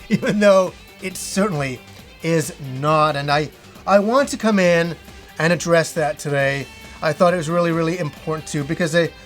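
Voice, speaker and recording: A middle-aged man, talking casually to his viewers and short of breath, with halting speech full of restarts. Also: a little high, fairly bright tone. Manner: halting, with frequent restarts and fillers. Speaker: gaming channel host. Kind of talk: casual personal talk to viewers.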